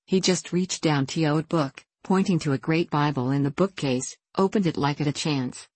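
A woman reads a classic novel aloud in a measured, even way. Her voice sits low, and the recording is dry and close with no room sound. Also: no room sound. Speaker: audiobook narrator. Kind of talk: scripted narration of a classic novel.

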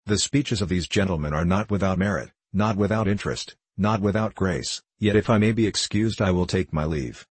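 A man's voice: low voice, moderate pace, hardly any pauses, husky, dry recording. A man reading a composed, formal stranger. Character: cool mysterious male stranger, composed and formal.

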